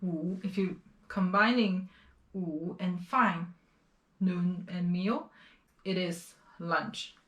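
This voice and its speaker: A woman from China teaching a beginner Chinese lesson, explaining words slowly and repeating each pronunciation several times. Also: lowish voice, fairly bright tone, reverberant, lo-fi sound. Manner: slow, careful explanations with repeated pronunciation drills.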